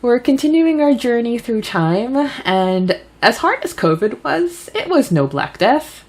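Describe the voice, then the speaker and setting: A woman's voice: fairly high pitch, sing-song, measured pace, darkish tone, low-quality recording. Chatty laughing woman co-host. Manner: chatty, laughs often, summarizes plot. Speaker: podcast co-host. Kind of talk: casual chat recapping a fanfiction chapter.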